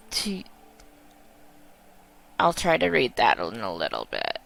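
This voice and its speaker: A woman's voice: sits low, wildly swooping pitch, slow pace, gravelly, pauses often. A woman giving game commentary as she plays, musing and half-reading to herself. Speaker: let's play host.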